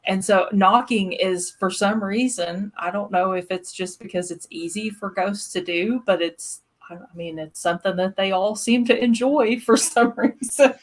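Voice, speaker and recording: A woman's voice: mid-range voice, moderate pace, few pauses. A woman hosting a paranormal livestream, talking in a friendly, enthusiastic, casual way. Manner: friendly, enthusiastic, laughs easily. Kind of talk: casual interview and livestream chat.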